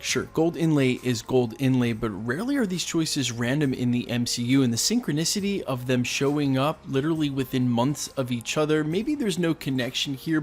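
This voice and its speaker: A man hosting a fan recap and breakdown video, talking with energy and explaining details point by point. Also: a little high. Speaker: host.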